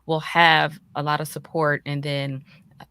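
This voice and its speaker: A woman host gently guiding an interview toward the next topic. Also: sits low, level tone, a little slow, smooth, dry recording. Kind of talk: interview hosting.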